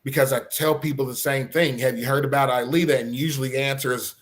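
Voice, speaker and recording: A middle-aged police officer telling his own story in an earnest, halting way, with many fillers and restarts. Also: mid-range voice, steady tone. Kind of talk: personal story, casual talk.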